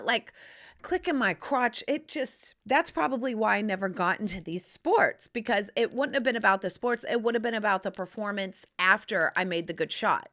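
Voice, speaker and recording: A middle-aged woman hosting a casual solo podcast, profane and playful, swinging from loud squeals to hushed whispers. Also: medium pitch, moderate pace. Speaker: podcast host.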